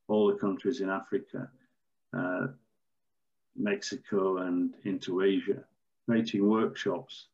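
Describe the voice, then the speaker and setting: An older man, a former referee, telling stories in a measured, storytelling way with some fillers. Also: lowish voice, dark tone, muffled recording. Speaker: former football referee, podcast guest. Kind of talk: anecdotal interview answers.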